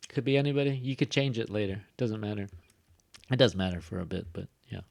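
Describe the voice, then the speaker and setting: A man's voice: lowish voice, fast, creaky, no room sound. A man with a Californian accent teaching a beginner pronunciation class in a casual recorded lecture, rambling with many fillers and asides. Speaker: ESL teacher.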